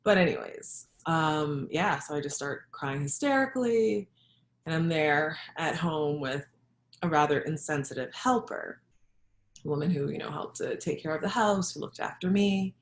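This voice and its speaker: A middle-aged woman, a health practitioner and yoga teacher, sharing a personal story in a reflective, halting way with soft laughs. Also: low-pitched, expressive. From Jamaica. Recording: echoey room.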